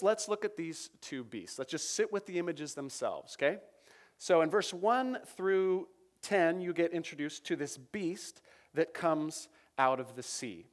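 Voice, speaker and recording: A man preaching a sermon to his congregation, talking in a conversational, self-correcting and energetic way. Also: a little high. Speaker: pastor. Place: church.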